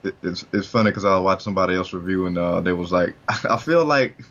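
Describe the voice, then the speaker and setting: A man co-hosting a casual podcast, relaxed and a bit hesitant. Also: sits low, quick pace, lo-fi sound. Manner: relaxed, hesitant, repeats words. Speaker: podcast co-host.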